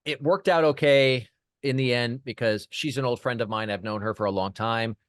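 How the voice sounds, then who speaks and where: A PR firm founder appears as a podcast guest, telling an animated anecdote casually and piling up restarts along the way. His voice is ordinary middle pitch at normal speed. The sound is dry and close, with no room echo.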